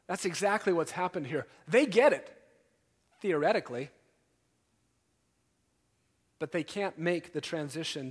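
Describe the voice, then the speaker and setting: A man preaching a sermon as pastor, emphatic and animated, building intensity as he teaches. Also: fairly high pitch. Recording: long hall reverb.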